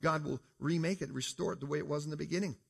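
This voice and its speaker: A man's voice: fairly high pitch, steady tone, fast, gravelly, breathy edge. A man from Canada giving a talk in church, speaking casually and asking the audience questions. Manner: conversational, asks the audience questions, says "folks". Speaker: preacher. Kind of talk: creation apologetics talk to a congregation.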